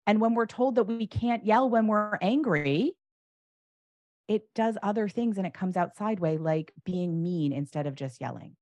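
A woman's voice: medium pitch, normal speed, a little mellow, no echo, lo-fi sound. A woman coaching parents, talking animatedly and acting out example phrases with emphasis. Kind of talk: advice conversation.

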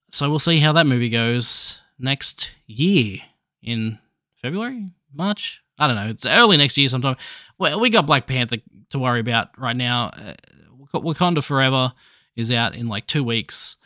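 A man's voice: mid-range voice, sharp tone, dry recording, studio quality. A man hosting a podcast alone, chatting casually about movies in a rambling, jokey way with restarts and swearing. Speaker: podcast host.

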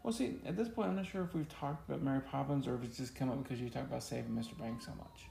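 A man's voice: medium pitch, rapid-fire, creaky, dark tone, echoey room. A man co-hosting a podcast in casual chat, joking and teasing his co-host. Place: home studio. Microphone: podcast mic.

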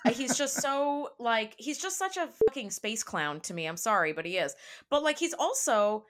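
Blunt, animated woman podcast guest. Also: fairly high pitch, normal speed. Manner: frank, blunt and playful, swears casually. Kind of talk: casual chat.

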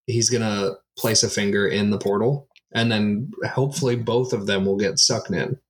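An easygoing man describes his character's moves in a tabletop game. His voice sits a little low and he laughs often. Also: fairly even intonation, normal speed. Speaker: player.

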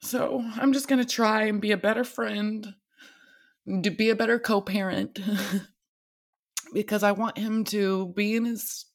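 A young American woman vlogs a candid confession, sounding tired and rambling and swearing freely. Her voice sits at medium pitch with a steady tone, and she speaks unhurriedly, pausing often.

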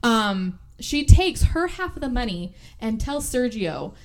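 A woman's voice: a little high, sing-song, measured pace. A woman co-hosting a podcast, recapping a movie in casual chat, acting out the characters' lines and swearing freely. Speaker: podcast co-host.

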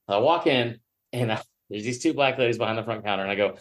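A man's voice: medium pitch, quick pace. A man, a podcast guest telling a long story in a rambling, self-mocking, profane way. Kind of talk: storytelling in casual chat.

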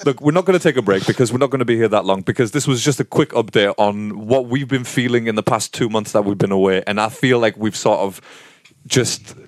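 A man's voice: lowish voice, a little fast, dry recording, studio quality. A man co-hosting a podcast in casual banter, rambling and checking in with "do you know what I mean". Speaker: podcast co-host.

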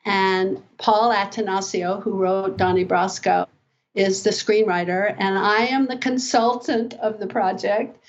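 As a podcast guest, an older personal development coach chats through rambling anecdotes full of fillers, animatedly storytelling in conversation. Her voice is mid-range, fairly even and a little slow, on a muffled recording.

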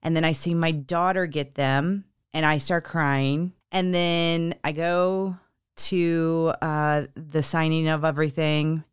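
A woman hosting a faith podcast, telling stories in a lively, animated way and acting out what others said. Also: sits low, clear, resonant tone, no room sound, studio quality. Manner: animated storyteller, acts out quoted voices. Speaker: podcast host. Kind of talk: casual conversation.

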